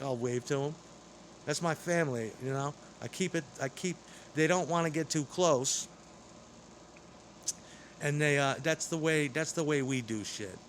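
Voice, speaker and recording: A man's voice: fairly high pitch, a little hiss or hum. A man delivering an angry, rambling, profane monologue straight to camera.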